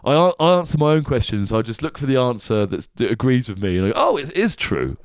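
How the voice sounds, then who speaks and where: A man co-hosting a podcast, rambling and laughing his way through casual banter. His pitch moves in a lively, animated way, and the sound is dry and close with no room echo. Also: fast, clean tone. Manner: laughs a lot, rambling self-deprecating banter. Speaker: podcast co-host. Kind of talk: casual chat.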